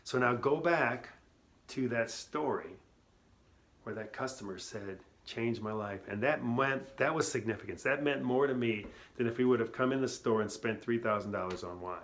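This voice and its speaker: A middle-aged man tells his founder story into his phone, casual and earnest, full of asides and restarts. His mid-range voice is a bit bright and moves at a moderate pace, like casual personal testimony.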